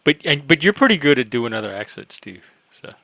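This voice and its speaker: A man's voice: mid-range voice, sing-song, brisk, vocal fry, bright, forceful tone, no echo. A man hosting a casual panel chat who interjects questions and laughs often. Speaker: host.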